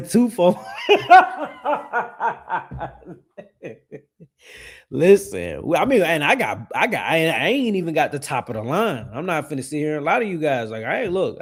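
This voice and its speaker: A young man streaming a casual reaction, talking in slang, laughing often and swinging between loud and quiet. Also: fairly high pitch, vocal fry.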